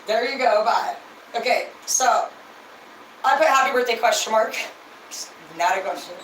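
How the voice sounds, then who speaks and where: A woman's voice: fairly high pitch, unhurried, fairly bright tone, a little hiss or hum. A tipsy woman chatting casually to viewers on a livestream, rambling, gushing and swearing freely. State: tipsy from drinking. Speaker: livestream host. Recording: roomy, distant mic, faint ambience.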